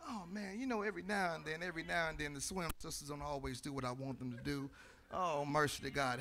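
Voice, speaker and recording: A male pastor preaching a sermon in a singing cadence, swinging between shouted, sung lines and low, quiet asides. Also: steady tone, fast.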